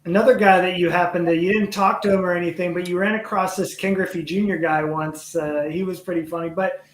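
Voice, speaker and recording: A man's voice: high-pitched, steady tone, brisk, roomy sound. A man co-hosting a podcast in casual chat, eager and talkative, rambling a little as he asks questions. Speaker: podcast co-host.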